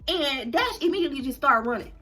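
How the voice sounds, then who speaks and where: A young adult woman vlogger telling a story to her viewers in a casual, animated and dramatic way. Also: high-pitched, quick pace, over music.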